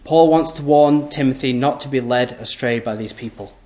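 A man preaching a sermon, emphatic and repetitive, asking rhetorical questions and letting his voice sink low and quiet at the ends of phrases. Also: moderate pace, reverberant. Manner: voice often drops low and soft at the end of phrases.

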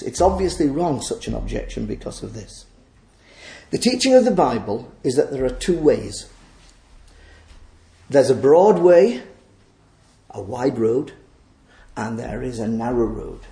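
An earnest male preacher with a gravelly, mellow voice, describing a scene in vivid strokes. His words carry around an echoey room. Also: medium pitch. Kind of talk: sermon.

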